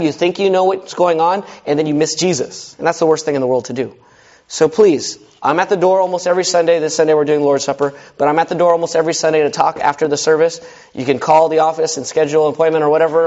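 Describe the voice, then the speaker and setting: Earnest preaching man, slightly high voice. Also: darkish tone, muffled recording. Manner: earnest, conversational preaching with direct questions to listeners. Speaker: pastor. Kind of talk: sermon.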